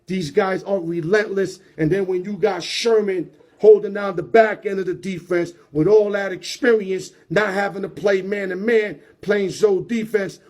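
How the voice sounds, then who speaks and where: A man's voice: sits high, a little mellow. A man hosting his own sports show, talking in a slangy, emphatic way. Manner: slangy, emphatic, hype-driven. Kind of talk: casual sports commentary.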